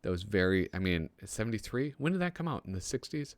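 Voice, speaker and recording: A man with a low voice that jumps around a lot, reading old magazine gags aloud in casual comedic commentary. He chuckles often and makes self-deprecating asides, recorded in a dry, close space. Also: big pitch swings, fast talker, no echo.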